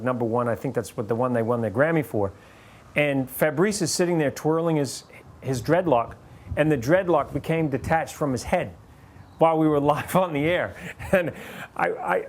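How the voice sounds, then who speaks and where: A man's voice: medium pitch, darkish tone. A man in his forties from New Zealand, with a partly Americanized New Zealand accent, telling anecdotes about his career as a TV host in an interview. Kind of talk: reflective interview storytelling.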